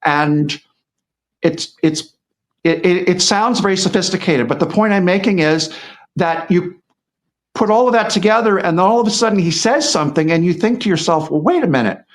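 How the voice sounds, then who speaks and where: A man's voice: sits high, moderate pace. A middle-aged man talking casually as a guest, rambling, with lots of restarts and repeated words. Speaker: guest commentator. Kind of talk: casual conversational commentary.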